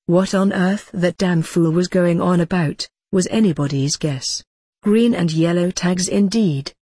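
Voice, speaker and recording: A narrator reading a tense rural story in a steady, measured audiobook style, with a husky tone. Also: medium pitch, no echo, studio quality.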